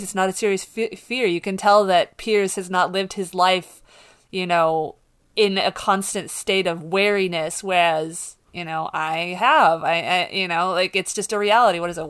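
Chatty young woman with smooth voice. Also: fairly low pitch. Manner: chatty, animated, frequent restarts and quoted voices. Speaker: podcast co-host. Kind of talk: casual book discussion.

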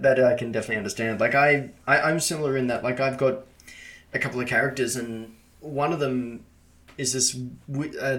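A man's voice: mid-range voice, a bit bright. Stammering man hosting a casual chat. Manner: friendly, stammering restarts. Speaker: podcast host.

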